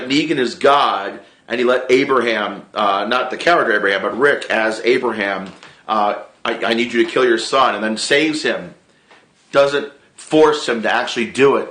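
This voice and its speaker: A man casually recapping a TV episode, animated and swearing freely, re-enacting his own reactions. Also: mid-range voice. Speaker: TV show reviewer. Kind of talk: casual excited recap vlog. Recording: echoey room.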